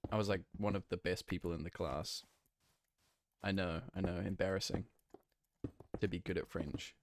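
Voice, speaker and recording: A man's voice: deep voice, fairly even intonation, moderate pace, noisy background. A man chatting casually and rambling while he plays a building game and answers his live chat. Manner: rambling, easygoing, lots of fillers and self-corrections. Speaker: streamer playing a block-building game.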